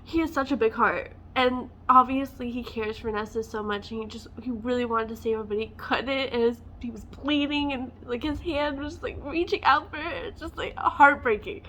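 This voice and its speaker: A woman with a slightly high voice rants casually to camera. She talks with passion and emotion, piling up fillers as her thoughts spill out. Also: fairly even intonation, normal speed, hardly any pauses, fairly bright tone, a little hiss or hum. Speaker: book vlogger. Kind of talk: casual book rant to camera.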